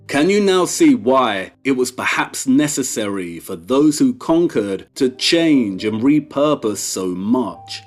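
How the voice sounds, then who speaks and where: A man giving slow, deliberate scripted documentary narration with strong emphasis, over soft background music. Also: mid-range voice, big pitch swings. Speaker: video essay narrator. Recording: soft music bed behind.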